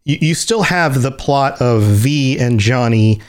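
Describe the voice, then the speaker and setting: A man's voice: medium pitch, animated, slow pace. A man co-hosting a casual podcast, talking in a rambling way with many restarts, laughing as he acts out scenes. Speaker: podcast co-host. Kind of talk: casual chat.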